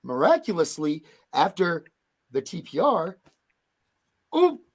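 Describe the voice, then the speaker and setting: A man's voice: high-pitched, sing-song, normal speed. A man speaking as a guest on a talk show, angry and profane, ranting passionately. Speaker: guest, parent. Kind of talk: heated talk-show rant.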